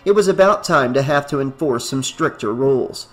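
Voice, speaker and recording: A man's voice: medium pitch, animated, normal speed, faint music behind, close to an everyday voice. A man doing a blunt, frustrated caretaker.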